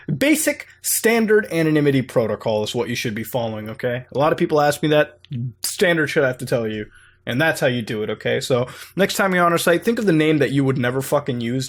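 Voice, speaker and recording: A man hosting casual, rambling commentary while browsing websites, swearing freely. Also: medium pitch. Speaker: host.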